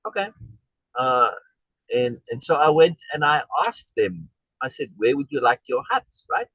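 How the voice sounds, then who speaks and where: A man's voice: medium pitch, big pitch swings, a little slow, a bit bright, breathy edge, dry recording, highs cut off. A man leading a group discussion, telling a personal story in a casual, rambling way, with many restarts and a habit of asking "right?". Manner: acts out quoted exchanges in a raised voice.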